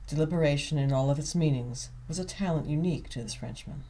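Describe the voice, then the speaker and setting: A man reading his own novel aloud at a slow, deliberate pace. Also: on the high side, warm tone. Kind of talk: audiobook narration.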